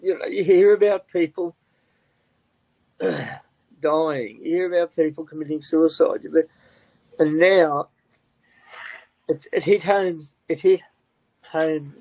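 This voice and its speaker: An older man, a grieving father who speaks in halting, repeated phrases with a tearful, breaking voice. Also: a little high, steady tone, mellow, no room sound, rough recording. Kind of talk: emotional interview talk.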